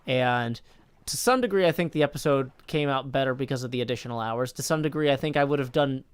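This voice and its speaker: A man's voice: mid-range voice, fast, clear, resonant tone, no echo. A tired man chatting casually on a live stream, rambling and correcting himself as he reads out chat. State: tired from little sleep.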